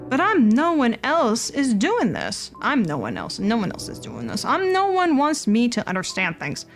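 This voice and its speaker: An earnest, fretful young man, voiced by a woman in her own fairly high register, rambles through his worries. His pitch swings widely. Quiet game music sits in the background. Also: huge pitch swings, moderate pace. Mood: distressed.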